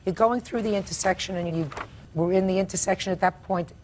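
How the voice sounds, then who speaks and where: A woman's voice: medium pitch, quick pace. An older woman judge in a courtroom, questioning bluntly and sharply.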